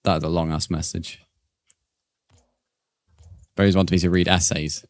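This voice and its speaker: A man's voice: low voice, flat delivery, a little slow, dry recording, clean studio sound. A young man streaming a game live, chatting casually with viewers and swearing freely. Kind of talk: live gaming commentary, reading chat.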